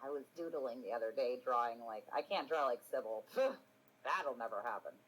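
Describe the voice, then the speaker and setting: A woman's voice: a bass voice, expressive, moderate pace, a bit bright, rough recording. A woman in her forties chatting on a live stream, rambling and self-mocking, swearing freely and laughing often. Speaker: streamer hosting a live podcast. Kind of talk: casual live-stream chat.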